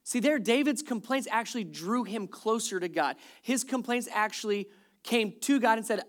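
A pastor in full sermon mode shifts between quiet, earnest reflection and animated retellings of scripture stories, acting out quoted complaints. His voice sits at an ordinary middle pitch at normal speed, and he keeps a conversational, joking touch with the congregation.

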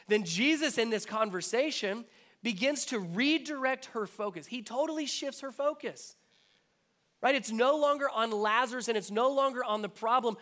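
A man's voice: very high voice, fairly bright tone. A man preaching a sermon as pastor, earnest and repetitive, building his emphasis step by step. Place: church.

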